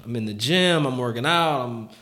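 A man's voice: medium pitch, expressive, moderate pace, sharp tone. A man hosting a casual chat, telling a personal story candidly with lots of "like" fillers and frequent chuckles.

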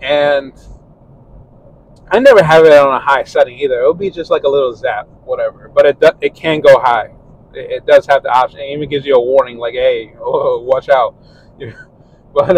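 Over a rough recording, a podcast host with a medium-pitched voice delivers a casual monologue, telling a story in a rambling, profane way.

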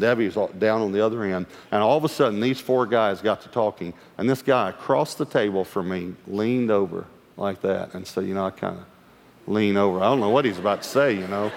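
Pastor telling a story. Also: male voice, fairly low pitch. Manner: animated storyteller acting out dialogue; drops to a hush for quoted lines. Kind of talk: storytelling sermon. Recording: long hall reverb.

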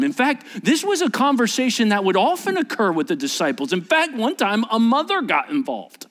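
A man preaching a sermon as pastor, animated and acting out scenes, often restarting his words. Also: high-pitched, fairly quick, few pauses, long reverb tail.

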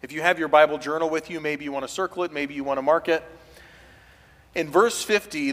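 A man preaches from the pulpit, his voice high and piercing. He swells into loud, urgent passages and carries long reverb from the church hall around him. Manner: preaching with rising intensity, voicing quoted pleas loudly. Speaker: pastor. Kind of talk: sermon.

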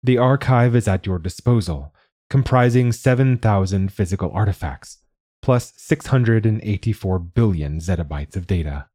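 A man voicing an ancient, weary machine curator who speaks calmly and politely in an audiobook story. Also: lowish voice, dry recording, clean studio sound, natural voice. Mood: resigned. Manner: calm, polite, measured. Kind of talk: audiobook reading.

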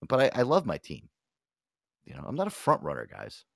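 A young man hosting a casual chat show, animated and swearing freely, often acting out other people's voices. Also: mid-range voice, fairly quick, vocal fry, no room sound, studio quality. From Connecticut. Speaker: host.

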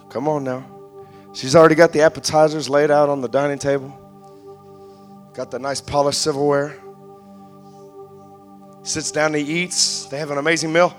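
A male pastor preaching a sermon in a church, calling out to the congregation and building up to shouts. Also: mid-range voice, steady tone, normal speed, long pauses, faint music behind.

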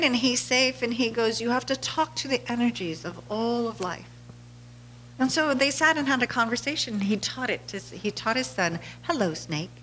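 Slight background noise sits behind a high-pitched, sharp-toned woman hosting a podcast. In a relaxed monologue she spins stories, laughs a lot, and acts out what people said.

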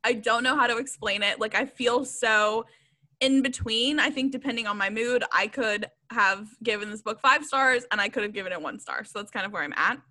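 A woman with a fairly high, bright voice gives her opinions in casual podcast chat. She rambles, giggles often, and speaks frankly. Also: a little fast. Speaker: podcast co-host reviewing a book. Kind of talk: casual book review chat.

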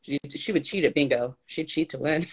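A woman's voice: low voice, a little fast, breathy edge. A woman talking as a guest in a casual conversation, chatty and laughing often, with many fillers.

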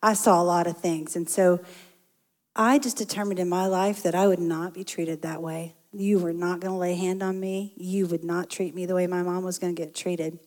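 Animated woman telling a story. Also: fairly low pitch, moderate pace. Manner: animated, laughs often. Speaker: guest telling a marriage story. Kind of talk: casual storytelling.

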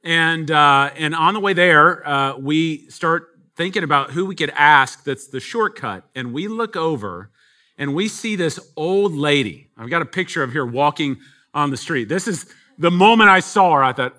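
A man's voice: a little high, animated, normal speed, pushed and bright. A man from Texas, a pastor, telling a story in a sermon, chatty with many fillers.

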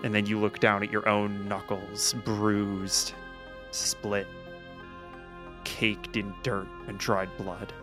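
A man serving as game master, narrating scenes slowly and quietly. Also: on the low side, completely flat delivery, over music. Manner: slow, hushed, descriptive narration.

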